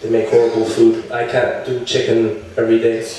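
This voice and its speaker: A man's voice: completely flat delivery, normal speed, warm tone. A young man doing a crude stand-up set, telling stories and jumping into characters' voices. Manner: crude storytelling, acts out characters with jumpy pitch. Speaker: stand-up comedian. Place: comedy club stage. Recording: very echoey room, voice from far off the mic.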